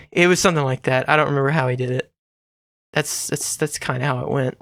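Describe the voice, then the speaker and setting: A man's voice: mid-range voice, fast talker, creaky, a bit bright, no room sound, clean studio sound. A man hosting his own gaming channel, giving casual, rambling, jokey commentary to himself while he builds in a game.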